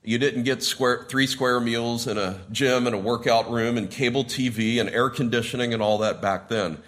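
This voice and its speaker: A man's voice: steady tone, normal speed, fairly bright tone. Man preaching a sermon. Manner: rises in pitch and volume when quoting the characters; explains word meanings in a teaching tone. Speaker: pastor.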